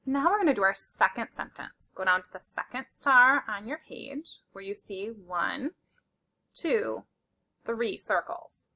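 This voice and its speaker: A woman's voice: mid-range voice, very animated, measured pace, bright, forceful tone. A woman teaching a spelling lesson to young children, patiently sounding out letters and praising their work. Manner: encouraging and praising.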